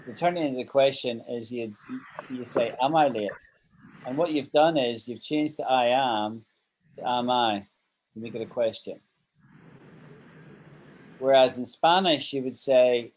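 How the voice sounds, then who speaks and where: A man's voice: mid-range voice, darkish tone, slight background noise, poor audio. A man teaching an online English grammar lesson, patiently walking through example sentences and checking that his students follow.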